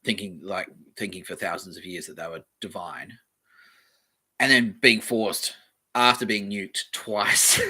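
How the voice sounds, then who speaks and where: A man hosts a podcast from home, reading from a screen and breaking off into joking asides. His voice is low and husky with a tense, forceful edge. His words often sink into mumbles. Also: unhurried, pauses often. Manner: offhand, joking, trails off into mumbles. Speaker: podcast host. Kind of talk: rambling casual commentary while reading aloud.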